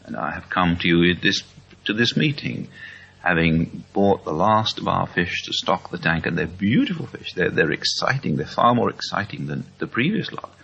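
A middle-aged man from England giving an earnest, slowly told testimony at a Christian meeting. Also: deep voice, big pitch swings, creaky, pushed and bright, slightly rough. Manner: slow, earnest storytelling. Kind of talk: testimony talk. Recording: dull lo-fi recording.

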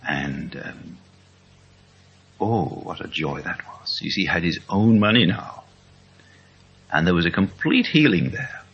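Middle-aged English man, very low voice with a bright edge, earnest testimony speaker. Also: expressive, vocal fry, slightly rough. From England. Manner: slow, earnest storytelling. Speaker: speaker at a Christian meeting. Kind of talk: testimony talk. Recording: dull lo-fi recording.

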